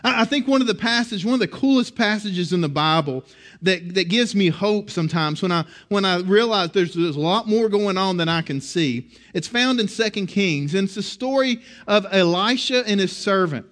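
A middle-aged man preaching a sermon in a conversational, animated way, often restarting his phrases. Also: high-pitched, normal speed. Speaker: pastor.

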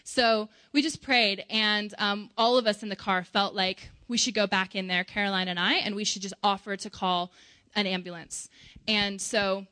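A woman's voice: mid-range voice, fairly even intonation, normal speed, sharp tone, no room sound. A young woman, a church outreach volunteer, telling a personal testimony in a casual, chatty way with lots of "like" and "um".

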